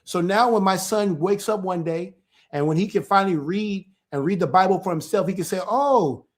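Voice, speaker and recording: A man's voice: high voice, brisk. Chatty man checking in with "right?". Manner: animated, keeps checking in with "right?"; repetitive, stumbles and restarts. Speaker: church elder. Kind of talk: casual informal teaching.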